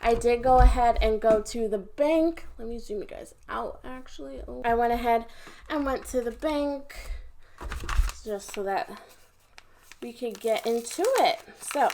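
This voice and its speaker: Casting: upbeat woman in her twenties, casual vlog chat, a bit higher-pitched. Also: measured pace, noisy background. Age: 20s. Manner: chatty, upbeat, talks while counting cash. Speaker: budgeting vlogger.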